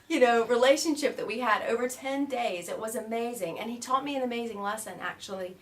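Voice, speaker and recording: An American woman telling stories in a casual interview, animated and laughing often as she mimics the people she met. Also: a little high, brisk, recorded from a distance. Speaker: interview guest.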